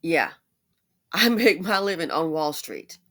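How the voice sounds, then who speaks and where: A woman giving a casual commentary monologue in a conversational way, with animated asides. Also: deep voice, slow. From United States. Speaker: commentary YouTuber.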